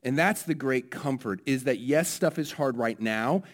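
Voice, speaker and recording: A man pastor who gives a children's message and then a sermon. He talks in a lively way and keeps asking his listeners questions. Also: medium pitch, measured pace.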